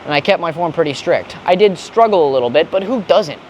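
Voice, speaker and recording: A man's voice: a little high, big pitch swings, fast talker, few pauses, dull audio, a little hiss or hum. A young man ranting and joking in a gym, casual and full of profane slang. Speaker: fitness vlogger. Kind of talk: casual gym vlog rant.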